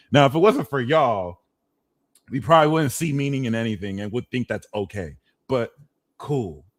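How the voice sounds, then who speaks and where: A man giving a casual astrology monologue, swearing freely and acting out quick impressions. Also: mid-range voice. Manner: animated, swears, acts out impressions. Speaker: astrology reader.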